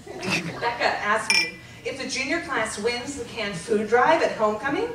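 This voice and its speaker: A woman reading her teenage diary aloud at a live stage show, deadpan and often breaking into laughter. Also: on the high side, measured pace, recorded from a distance, heavy background noise. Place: theater stage before a laughing audience. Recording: roomy live theater recording with loud audience.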